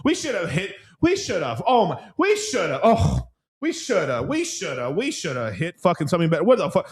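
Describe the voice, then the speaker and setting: Profane, excitable young man hosting a stream. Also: sits high, brisk, breathy edge. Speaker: crypto stream host. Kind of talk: casual livestream chat.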